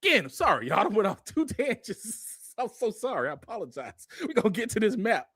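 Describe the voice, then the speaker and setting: A man's voice: sits high, very animated, brisk, a bit bright, husky, no echo, clean studio sound. A man giving a heated, blunt online monologue while walking through a map, repeating himself and going off on tangents. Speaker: online commentator.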